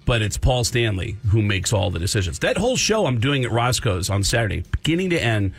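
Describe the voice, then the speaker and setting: A male comedian and impressionist, a radio guest, telling stories in an animated way and slipping into voices. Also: fairly low pitch, brisk, vocal fry, slightly rough. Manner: animated storyteller, slips into voices. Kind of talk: casual radio talk.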